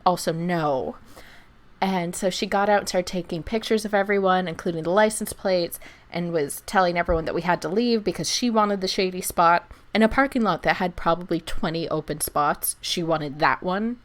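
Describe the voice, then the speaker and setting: A woman co-hosting a podcast, telling an animated story in casual chat, acting out the people she quotes and laughing often. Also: lowish voice, a little fast. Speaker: podcast co-host.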